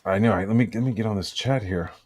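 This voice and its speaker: A man's voice: lowish voice, quick pace, a little mellow, no room sound. A man hosting a casual podcast, telling rambling stories full of fillers and casual swearing. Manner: rambling, filler-heavy storytelling. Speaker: podcast host. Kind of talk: casual chat.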